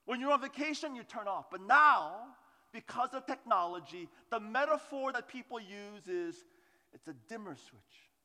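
A male pastor preaching a sermon in an earnest, conversational way, dropping to soft hushed asides, in a church with a long hall reverb. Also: very high-pitched, expressive, moderate pace.

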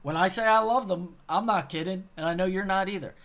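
Man, podcast host, casual chat, earnest, somewhat high voice. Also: fairly quick, a bit bright. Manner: earnest, grateful, emphatic.

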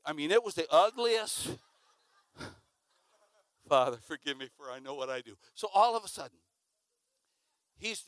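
Male preacher, high bright voice, animated storyteller, dry close sound. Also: smooth, no room sound. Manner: animated, acts out sounds and shouts. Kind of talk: sermon storytelling.

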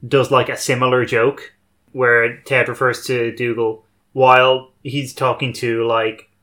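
A man's voice: medium pitch, little pitch movement, measured pace, sharp tone. A man hosting a podcast, chatting casually about a TV episode in a thoughtful, wry way that often corrects itself mid-sentence. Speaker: podcast host. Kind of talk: casual review chat.

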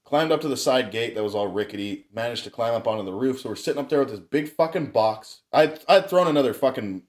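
A man's voice: medium pitch, expressive, fast. A young man telling a wild childhood story in casual, profane chat, laughing often.

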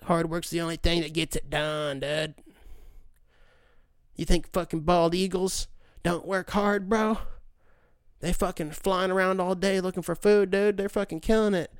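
A young American man hosts a podcast in a high voice with fairly even intonation and a measured pace. His tone is clear and resonant, and the studio-quality recording has no room sound. He rants casually on his own, swearing a lot and slipping into sarcastic mock voices.

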